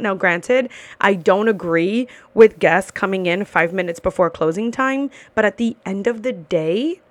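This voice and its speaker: A woman's voice: medium pitch, a bit bright, no room sound. A woman hosting a podcast in a casual ranting monologue, blunt, swearing freely and repeating herself for emphasis. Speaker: podcast host.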